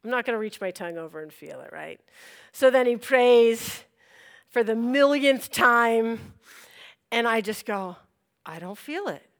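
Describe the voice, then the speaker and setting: Woman, animated personal story, high pitch, expressive, laughing asides. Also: a little slow, gravelly, clear, resonant tone. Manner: expressive, acts out her own reactions with laughs. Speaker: speaker telling a personal story.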